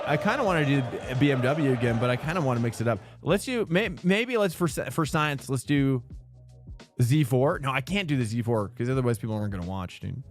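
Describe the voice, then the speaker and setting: A man streaming sim racing, chatting loosely with viewers and saying dude and bro. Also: mid-range voice. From United States. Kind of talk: casual live-stream chat.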